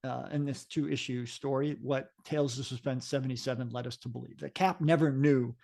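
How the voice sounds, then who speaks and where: A man's voice: medium pitch, steady tone, fairly quick, creaky, darkish tone. Male co-host, casual chat, meandering delivery with many restarts. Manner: rambling, frequent fillers and restarts. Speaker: podcast co-host. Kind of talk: casual podcast chat about comics.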